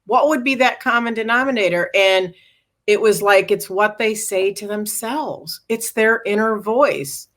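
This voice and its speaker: A woman's voice: mid-range voice, a little slow. A middle-aged woman, a guest author and speaker, earnestly recounting a personal story in an interview. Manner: earnest, animated retelling with acted quotes.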